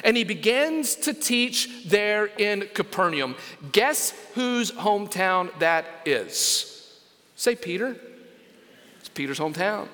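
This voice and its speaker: High, bright-voiced pastor preaching. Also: male voice, sing-song, takes it slowly. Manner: emphatic preaching, asks the congregation questions. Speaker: senior pastor. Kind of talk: sermon. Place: church sanctuary. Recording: long reverb of a large church.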